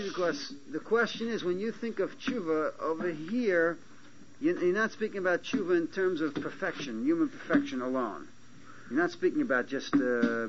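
A man teaching a Talmud class, his fairly high voice stopping and restarting as he checks that his students follow. The recording is dull and lo-fi, with a faint hiss beneath. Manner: halting, restarts often, checks listeners' understanding. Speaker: Talmud lecturer. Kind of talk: Talmudic lecture to a small class.

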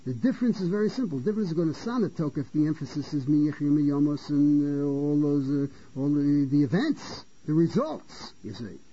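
A man with a fairly high but husky, mellow voice delivers a Torah lecture in a halting way, going back over his own words and asking questions he answers himself. The recording sounds dull and lo-fi. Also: lively intonation. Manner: halting, repeats and restarts phrases; poses rhetorical questions and answers them. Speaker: Torah teacher.

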